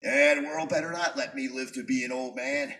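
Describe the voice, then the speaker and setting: Man from New York, live poetry reader, bright forceful tone, dry wry delivery, mic at a distance with faint room hum. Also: medium pitch, fairly even intonation, a little fast. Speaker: performance poet. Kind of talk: live spoken-word poetry reading. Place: live venue before an audience.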